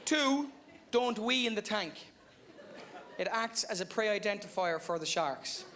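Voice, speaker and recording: An Irish man doing live stand-up, telling a story in an animated, punchy way. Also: high voice, a little slow. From Ireland. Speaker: stand-up comedian. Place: large theatre with audience. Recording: noisy live theatre recording.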